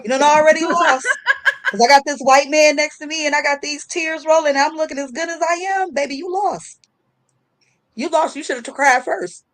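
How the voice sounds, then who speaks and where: A woman hosting a casual chat show, telling a story in a lively, slangy way with frequent laughter. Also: high voice, brisk. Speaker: host.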